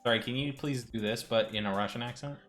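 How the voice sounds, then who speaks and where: A man making casual jokes during a live game reading, relaxed in tone. His voice sits at an ordinary pitch. Faint music plays under him. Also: quick pace.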